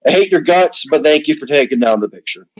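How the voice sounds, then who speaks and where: A man's voice: a little high, animated, fast talker, rough recording. A man hosting a casual online chat, rambling and steering the talk from topic to topic. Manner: rambling, restarts and hedges, leads the talk. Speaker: podcast host.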